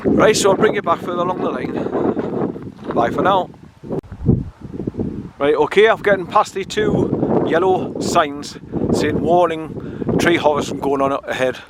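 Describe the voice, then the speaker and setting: Man vlogging on a dog walk, slightly high voice, camera mic buffeted by heavy wind. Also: unhurried, long pauses. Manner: rambling and chatty, with a coaxing higher voice for the dog. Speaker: vlogger walking his dog. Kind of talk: casual walk-and-talk narration. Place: outdoors on a woodland trail by a stream. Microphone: handheld camera mic. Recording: loud wind noise on the mic.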